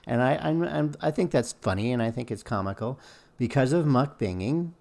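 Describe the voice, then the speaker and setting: A man's voice: mid-range voice, animated, normal speed, vocal fry, darkish tone. A man co-hosting a commentary stream, blunt and sarcastic as he scolds the person under discussion. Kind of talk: critical commentary chat.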